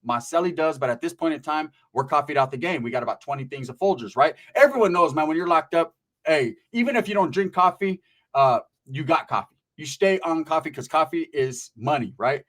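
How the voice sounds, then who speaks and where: High-voiced man telling streetwise stories. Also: animated, a little fast, a bit bright. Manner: profane, streetwise slang, lots of "right?" tags. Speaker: channel host and storyteller. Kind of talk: casual storytelling about prison life.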